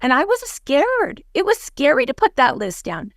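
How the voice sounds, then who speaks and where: A woman giving a lively coaching talk on a video call, telling stories and acting out the conversations in them. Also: high voice, moderate pace, no echo, clean studio sound. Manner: lively storyteller who acts out dialogue. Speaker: guest speaker, team leader. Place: home office on a video call. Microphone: video call microphone.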